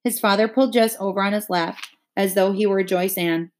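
A woman narrating a novel chapter aloud, expressive and rising with the emotion of the scene. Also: fairly low pitch, brisk.

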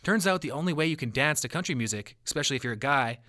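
Animated, bright-voiced young man telling stories. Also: mid-range voice, very fast. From Canada. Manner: profane, animated storyteller. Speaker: podcast co-host. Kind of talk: casual storytelling chat.

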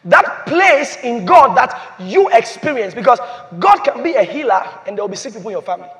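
A man preaching a sermon as pastor, repeating phrases and swinging from loud declarations to hushed, slow emphasis. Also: extremely high pitch, big pitch swings. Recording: long hall reverb.

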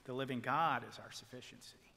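A male pastor preaching a sermon, swinging from loud proclamation to hushed whispers as he retells a story and quotes people in it. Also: mid-range voice, brisk, in a large hall. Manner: quotes figures in a retold story.

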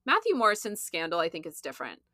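A woman's voice: on the low side, huge pitch swings, fast talker, pushed and bright, no echo, studio quality. A young woman co-hosting a podcast, talking casually with lots of fillers and frequent laughs. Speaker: podcast co-host. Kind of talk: casual chat.

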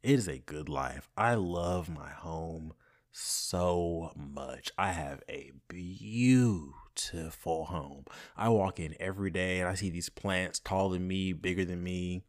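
A young man hosting his own podcast, talking casually and swinging from soft, grateful reflection to loud, playful bursts. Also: low voice, slow. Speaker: podcast host. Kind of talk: casual solo podcast monologue.

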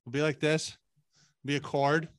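Profane rambling man, slightly high voice. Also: little pitch movement, measured pace, dry recording. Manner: profane, rambling, mimics people in quoted asides. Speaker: podcast co-host. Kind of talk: crude casual chat.

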